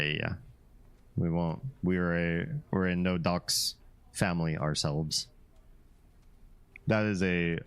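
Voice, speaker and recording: A man hosting a live stream, chatting casually with viewers, reading their comments and laughing often. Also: deep voice. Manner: relaxed, chatty, laughs often, reads chat aloud.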